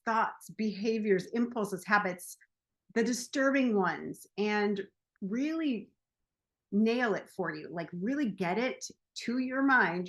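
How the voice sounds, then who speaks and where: A woman hosting a show, talking casually to the camera in a playful, chatty way and laughing at herself. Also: mid-range voice. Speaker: host.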